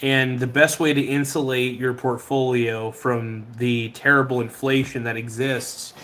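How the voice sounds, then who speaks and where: A man's voice: mid-range voice, flat delivery, unhurried, fairly bright tone. Laid-back man rambling on a podcast. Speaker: podcast host. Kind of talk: casual chat reading viewer comments.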